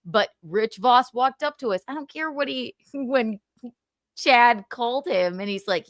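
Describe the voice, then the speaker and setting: A woman's voice: on the high side, measured pace, no echo. Woman, livestream host, gossipy, mocking, laughing, dry close sound. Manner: animated, swearing, mocking, laughing often. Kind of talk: casual gossip commentary on a livestream.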